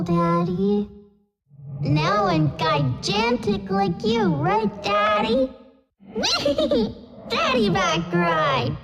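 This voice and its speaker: A woman's voice: extremely high pitch, heavily acted. A woman voicing a little girl in a video game, with a childish, sing-song way of talking. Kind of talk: game voice lines. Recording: game audio with music behind.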